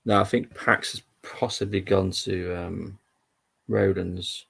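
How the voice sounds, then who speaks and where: A man's voice: low-pitched, steady tone, takes it slowly, gravelly, breathy edge. A young man hosting a live football stream, chatting in a rambling, casual way with lots of fillers. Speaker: livestream football update host.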